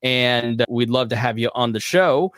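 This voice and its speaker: A middle-aged man hosting a live podcast Q&A, talking in a relaxed, casual way with loose fillers. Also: medium pitch, unhurried, no room sound, clean studio sound. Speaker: podcast host.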